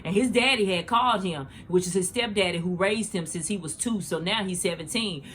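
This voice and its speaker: A woman's voice: fairly low pitch, a little fast, a little hiss or hum. A middle-aged woman hosting a podcast, telling a personal faith story in a casual, slangy way and talking straight to her listeners. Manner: animated, slangy, addresses listeners as y'all. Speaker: podcast host.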